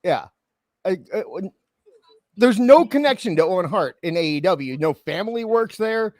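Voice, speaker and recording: A man chatting on a live stream as a co-host, easygoing and quick to laugh. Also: high voice, animated, no room sound, studio quality. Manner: easygoing, laughs often, conversational. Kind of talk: casual live stream chat. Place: remote stream setup.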